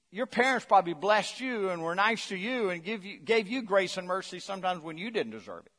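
A middle-aged male pastor preaching a sermon, swinging between loud emphatic lines and quiet low asides, coaxing the congregation to respond. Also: long reverb tail. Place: church sanctuary.

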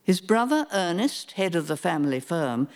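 An older woman giving a prepared family-history talk, telling the story in a measured, deliberate way. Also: on the low side, very animated, a little mellow. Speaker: speaker giving a museum talk.

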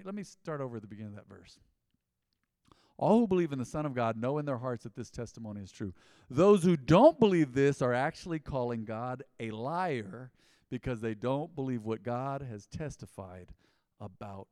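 A male pastor delivers a casual, conversational sermon, punching key lines loudly and then dropping to near-murmurs. His mid-pitched voice carries a long reverb through a large church sanctuary, yet the close mic keeps it dry and present. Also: clean tone. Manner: conversational preaching, swings from loud emphasis to quiet asides.

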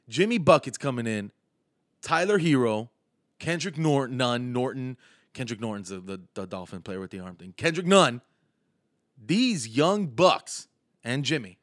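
A man's voice: medium pitch, dry recording, clean studio sound. A man with a slight lisp hosting a podcast, delivering a sarcastic, mocking comedic rant. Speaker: podcast host and stand-up comedian.

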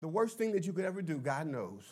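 Preacher, man in his fifties, fairly high voice, fervent and emphatic with shouted peaks and playful asides. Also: big pitch swings, fast talker, husky. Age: 50s. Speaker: pastor. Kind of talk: sermon.

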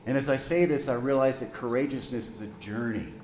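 A man in his sixties, a pastor preaching a sermon, telling a story gently and slowing down for emphasis. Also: mid-range voice, reverberant, slight background noise, poor audio.

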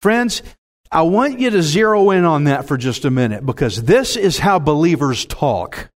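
A man's voice: on the high side, sing-song, moderate pace. A man preaching a sermon, with dramatic swings and calls to the congregation. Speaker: pastor.

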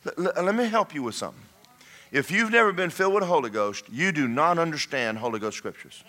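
A man's voice: a little high, expressive, fast, sharp tone. A man preaching a sermon as pastor, folksy and repetitive, speaking in bursts.

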